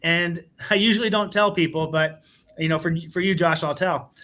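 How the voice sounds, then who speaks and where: A man's voice: on the high side, steady tone, moderate pace, pushed and bright. A man who is a school administrator, telling a heartfelt teaching story on a panel in an earnest way with many fillers.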